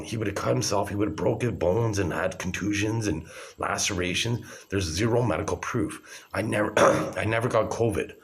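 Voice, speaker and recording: A man in his forties talking to camera in an agitated, rambling, profane monologue. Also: fairly low pitch. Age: 40s.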